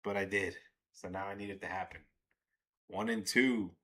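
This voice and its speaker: A man hosting a live baseball watch-along stream, excitable and swearing as he talks to his chat. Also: on the low side, normal speed. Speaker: livestream host.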